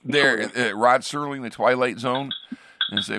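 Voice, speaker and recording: A pastor hosts a radio show, talking casually and rambling, restarting his sentences again and again. His voice is medium-pitched and unhurried, with noise in the background.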